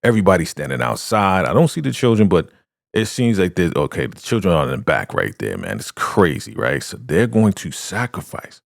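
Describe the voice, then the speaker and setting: Animated man recapping a TV episode. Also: low voice, a little fast, creaky, no echo, clean studio sound. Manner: animated retelling that acts out the scenes. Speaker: TV recap vlogger. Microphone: studio podcast microphone.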